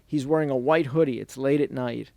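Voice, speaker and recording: A man speaking to an audience at a bookstore event, telling a story in a lively way and dropping to a hushed voice when he quotes people. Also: mid-range voice, fairly quick, creaky, dry recording. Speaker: author giving a book talk. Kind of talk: storytelling book talk.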